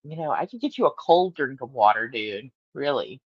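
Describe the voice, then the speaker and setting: A woman's voice: very deep voice, lively intonation, moderate pace, slightly rough, no echo, highs cut off. A woman hosting a casual morning livestream from her bedroom, rambling, laughing often and talking to her cat. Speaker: livestream host.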